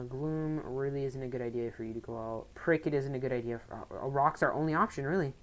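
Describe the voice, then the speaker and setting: A woman giving casual let's play commentary, rambling with excitable outbursts. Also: extremely low pitch. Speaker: gaming commentator.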